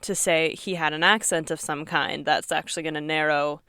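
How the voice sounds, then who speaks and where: Female co-host, playful questioner, smooth voice, dry close mic. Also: sits low, fairly even intonation, normal speed, pushed and bright, no echo. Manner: chatty, asks questions, playful. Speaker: podcast co-host. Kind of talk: casual chat.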